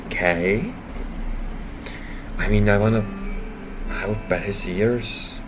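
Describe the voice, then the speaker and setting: A man playing through a visual novel, reading the narration aloud and breaking into loud, profane reactions. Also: low voice, a little slow, a little hiss or hum, low-quality recording. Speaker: game streamer. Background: faint game music.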